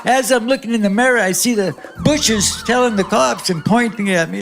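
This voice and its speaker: A man's voice: high voice, moderate pace, vocal fry, fairly bright tone. An older man telling a long, rambling, profane story as a stand-up guest, chuckling at himself as he goes. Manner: profane, meandering, laughs at himself. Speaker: comedian guest. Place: comedy club stage. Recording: live club with crowd and music.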